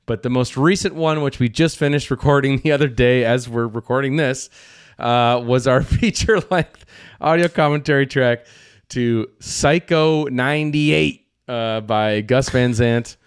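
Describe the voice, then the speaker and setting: A man's voice: mid-range voice, a little slow, clear, resonant tone, no echo, studio quality. A man hosting a film podcast in casual chat, loose and profane, who laughs often and restarts his sentences. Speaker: podcast host.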